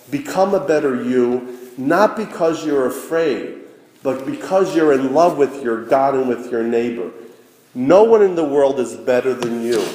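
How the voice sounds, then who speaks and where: Priest giving a sermon, slow and earnest, lots of pauses, big echoey church sound. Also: male voice, medium pitch, darkish tone.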